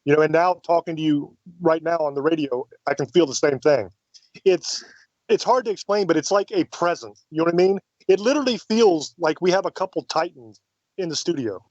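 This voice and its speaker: Radio host guy, kinda high voice, really into it, dry dead studio, lo-fi. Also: a little fast, darkish tone, no room sound. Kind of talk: casual radio interview. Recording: dry, muffled radio audio.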